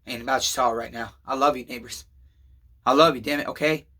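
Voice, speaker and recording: Middle-aged man, bright edgy voice, raw emotional vlog rant, cusses a lot, loud then quiet and tired. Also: fairly even intonation, a little fast. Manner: swings between shouting outbursts and low weary confession; swears constantly, calls viewers neighbors. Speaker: chainsaw channel host. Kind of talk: emotional rambling vlog monologue.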